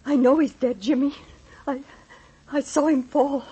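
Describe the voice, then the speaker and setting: A woman's voice: high voice, fairly even intonation, measured pace, warm tone, highs cut off. An actress playing a frightened young woman in a radio drama, injured and confined to bed, talking in a breathless, pleading way that keeps tipping into tears. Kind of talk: 1930s radio drama acting.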